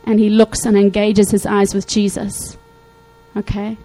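A woman preaching a sermon to her congregation, animated, acting out Bible quotes and checking in often with her listeners. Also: medium pitch, measured pace, rough recording. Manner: animated, acts out quotes, frequent "okay?" check-ins.

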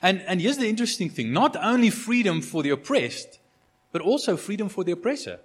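With a high-pitched, husky, sing-song voice and a fairly quick delivery, a man from South Africa preaches a sermon. He's a pastor whose conversational style is full of fillers and restarts.

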